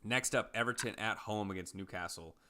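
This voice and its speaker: Podcast guy talking soccer bets, bright crisp voice, loose and rambly. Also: fairly low pitch, brisk. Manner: relaxed, rambling with fillers. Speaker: podcast co-host. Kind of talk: casual sports betting chat.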